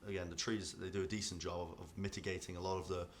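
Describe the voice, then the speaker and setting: A man narrates a tabletop game as its dungeon master in a low, easygoing voice. He rambles and fills pauses with "um" and "uh" as he describes the scene. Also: slight background noise. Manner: rambling, filler-heavy, relaxed.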